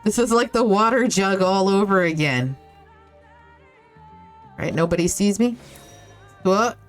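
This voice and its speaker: A woman's voice: medium pitch, measured pace, faint music behind. A woman streaming a video game, chatting casually, reacting aloud and swearing now and then. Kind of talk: casual live-stream commentary.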